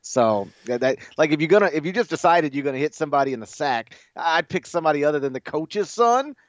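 Sports host, male, animated storyteller, slightly muffled dry studio audio. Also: a little high, quick pace, no room sound. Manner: animated storytelling, acts out quotes with shouts. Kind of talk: late-night casual sports chat.

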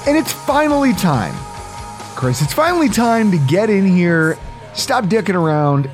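Male podcast host, slightly high and very animated, playful teasing banter. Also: unhurried, music in the background. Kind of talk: casual sports podcast chat.

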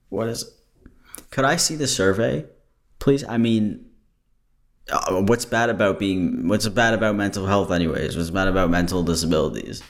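A man with a very low, deep voice hosts a podcast in loose, casual chat. He sounds tired, and he rambles and jokes, drifting off on tangents. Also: animated, normal speed, creaky. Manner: rambling, joking, easily sidetracked. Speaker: podcast host.

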